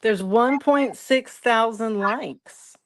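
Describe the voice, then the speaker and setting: A woman's voice: on the high side, slow pace, no echo. Matter-of-fact woman co-host, brief replies. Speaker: podcast co-host. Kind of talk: live casual chat.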